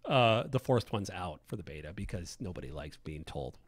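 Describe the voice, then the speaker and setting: A man's voice: low-pitched, big pitch swings, moderate pace, husky, no echo, studio quality. A man, a lead game designer, chatting enthusiastically on a livestream, often restarting his sentences. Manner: rambling, enthusiastic, many restarts and fillers. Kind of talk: casual livestream chat.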